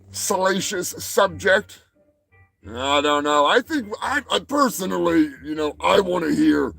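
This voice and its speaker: Gravelly, rambling foul-mouthed man. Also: sits high. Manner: rambling, crude, stumbles over words. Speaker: comedy show host. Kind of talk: profane comic monologue.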